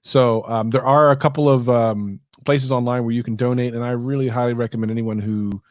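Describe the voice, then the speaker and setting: Easygoing podcast co-host, dry sound. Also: male voice, medium pitch, fairly even intonation, brisk, no echo. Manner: upbeat, easygoing banter. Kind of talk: casual tech podcast chat.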